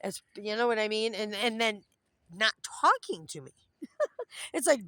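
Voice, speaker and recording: A woman's voice: medium pitch, expressive, a little slow, pushed and bright, dry recording. Cranky woman venting outdoors. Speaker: vlogger. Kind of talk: casual rambling monologue to camera. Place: outdoors by a pond with ducks.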